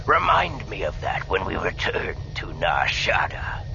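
A man voicing a scheming giant slug crime lord, speaking in a slow, low grumble. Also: huge pitch swings, vocal fry, background noise, heavily acted. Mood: menacing. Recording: dull lo-fi audiobook recording.

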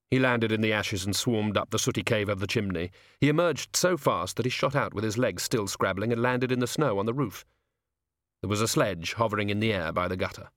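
Brief: male audiobook narrator, measured storytelling, mid pitch, dead-dry studio booth. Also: dry recording. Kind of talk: scripted narration.

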